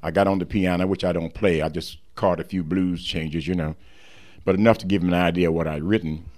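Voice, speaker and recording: A man's voice: low-pitched, steady tone, brisk, a little mellow. An older man telling the story behind his song on the radio, acting out the voices of the people in it.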